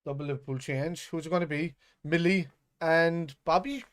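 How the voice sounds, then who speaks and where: A man streaming a live watch-along of a football match, reacting with excitable, sweary outbursts. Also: a little high, normal speed.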